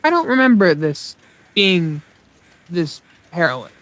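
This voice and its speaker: Higher-voiced man narrating his gameplay. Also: very animated, measured pace, a bit bright. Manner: rambling, thinking aloud, self-mocking. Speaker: let's play host. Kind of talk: casual gameplay commentary.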